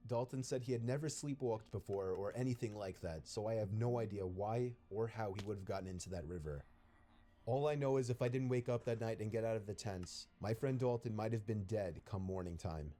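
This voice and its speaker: Man, scary story narration, low voice, dark mellow tone, steady even delivery, faint background hiss. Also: brisk. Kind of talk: scripted horror story narration.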